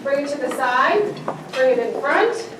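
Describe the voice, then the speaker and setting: A woman's voice: sits high, expressive, normal speed. A woman gives a playful motivational talk, quizzing a live audience. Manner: playful, engages the audience with questions. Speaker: professional speaker. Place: large event hall. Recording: echoey hall, distant mic, noisy.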